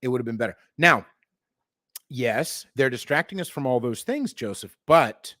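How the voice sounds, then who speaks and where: A middle-aged man hosts a podcast, ranting about politics with lots of swearing and sarcasm and sometimes mocking others in put-on voices. His voice is medium-pitched and animated at a normal speed. The recording is dry and sounds like a clean studio.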